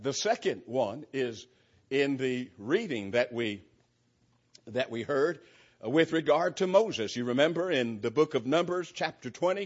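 A man preaching an earnest sermon, reading scripture aloud with emphasis and small restarts. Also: mid-range voice. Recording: dull lo-fi church recording.

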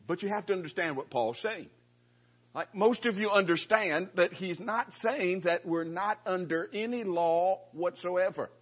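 Man, preacher, earnest, emphatic, husky voice, muffled recording. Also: a little high. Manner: earnest, emphatic, with frequent repeated words. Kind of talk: Bible-study sermon.

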